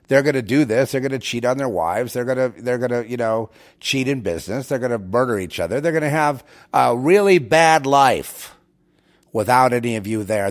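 A man's voice: mid-range voice, lively intonation, normal speed. A man hosting his own show, talking straight to his listeners in a rambling, preachy monologue full of restarts and repeated words. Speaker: show host.

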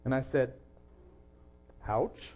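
A young man preaching a sermon in a church, earnest, rising to loud emphasis and dropping soft again. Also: medium pitch, drawn-out words, highs cut off. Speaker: pastor.

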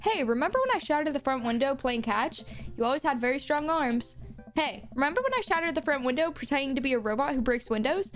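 A woman's voice: high-pitched, animated, fast talker, soft background music. A woman reading the lines of a teasing teenage daughter in a dating game, in a light, breezy way.

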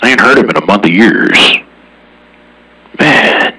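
A man's voice: on the low side, animated, a little slow, sharp tone, slight background noise. A man chatting casually over a CB radio in a drawling, slangy manner, recorded from some distance. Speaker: CB radio operator.

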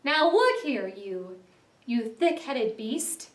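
A woman doing a brisk, bossy water rat. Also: high voice, sing-song, a bit bright, reverberant, distant mic.

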